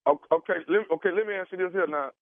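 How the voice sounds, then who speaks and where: A man making a prank phone call for a radio show, halting and stammering with many fillers. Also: high-pitched, no room sound. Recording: dry tinny phone line.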